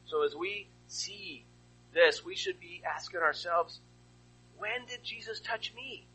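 Animated, husky-voiced male preacher. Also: high-pitched, takes it slowly, low-quality recording. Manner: rhetorical questions, animated storytelling. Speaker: pastor. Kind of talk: sermon.

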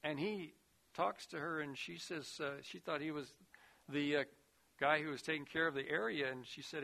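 A man preaching a sermon, earnest, rising to loud emphasis and dropping to a hushed voice. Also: a little high, steady tone, normal speed, gravelly. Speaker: pastor.

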